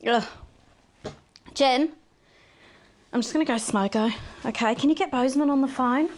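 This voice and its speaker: A woman's voice: high voice, moderate pace, slight background noise, lightly acted. An actress playing a fed-up Australian anchorwoman. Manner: exasperated, blunt, swearing complaints. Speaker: news anchor. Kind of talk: video game voice acting.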